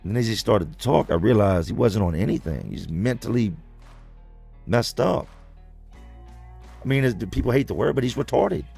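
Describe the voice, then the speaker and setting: A man's voice: medium pitch, lively intonation, moderate pace, creaky, pauses often, a little mellow, slightly rough, soft background music. A man hosting a livestream, telling a story to his viewers in a blunt, profane, conversational way. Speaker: livestream host reading comments.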